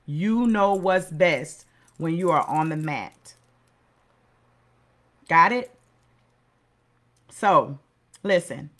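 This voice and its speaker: A woman's voice: mid-range voice, fairly bright tone. Middle-aged woman, motivational host; earnest, sermon-like delivery with repeated phrases. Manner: earnest, preacherly, repeats key phrases for emphasis. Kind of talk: motivational talk.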